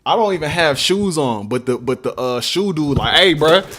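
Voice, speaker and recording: A man's voice: on the high side, lively intonation, normal speed, a bit bright. A young man who makes beats, chatting casually in a livestream Q&A, slangy and rambling. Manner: laid-back, slangy, rambling. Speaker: beatmaker streamer. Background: faint beat playing.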